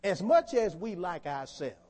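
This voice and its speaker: A man's voice: sits high, big pitch swings, unhurried, a little mellow. A man preaching a sermon to a congregation, often asking them questions to draw them in. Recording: long hall reverb.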